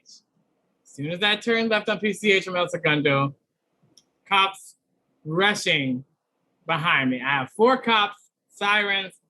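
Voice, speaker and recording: A man, a comedian guest on a podcast, telling a story in an animated way and acting out other people's lines. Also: high-pitched, a little hiss or hum.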